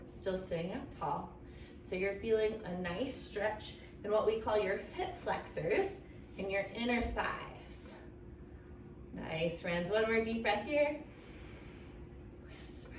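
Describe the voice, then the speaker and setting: A high-voiced woman leads a children's yoga story time, playful and coaxing, with silly animal and train noises between her gentle cues. She sounds a little far from the mic in a roomy space with a faint hiss behind her. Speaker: kids yoga teacher.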